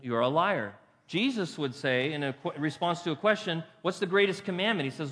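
A man's voice: a little high, a little fast, fairly bright tone. A pastor preaching a conversational sermon. He poses rhetorical questions to the congregation and repeats phrases for emphasis. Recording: long hall reverb.

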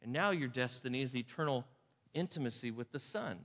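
Emphatic pastor with a bright voice. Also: male voice, medium pitch, expressive, a little fast. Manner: emphatic, swings from loud to hushed. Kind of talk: sermon. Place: church sanctuary. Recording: reverberant hall sound.

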